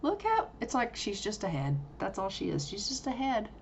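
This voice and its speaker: A woman's voice: mid-range voice, huge pitch swings, normal speed, gravelly. A woman, chatting playfully through a life-sim game and laughing as she voices its characters. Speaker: gameplay host. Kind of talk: casual game commentary. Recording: dull, lo-fi audio with faint noise.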